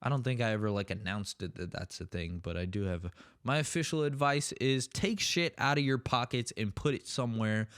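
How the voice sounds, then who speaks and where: A man's voice: medium pitch, brisk, a bit bright, smooth. A young man hosting a solo comedy podcast, ranting sarcastically with plenty of swearing. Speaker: podcast host.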